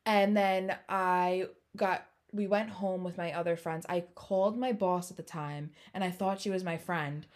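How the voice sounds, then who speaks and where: A woman's voice: fairly low pitch, steady tone, a little slow, few pauses, a little mellow. A woman in her twenties co-hosting a podcast, telling a story in blunt, candid casual chat. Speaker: podcast co-host.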